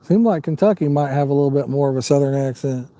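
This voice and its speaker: A fishing livestream host chats casually outdoors, rambling and reading out viewer comments. He speaks fast in a mellow, mid-range voice, with a little hiss or hum in the background.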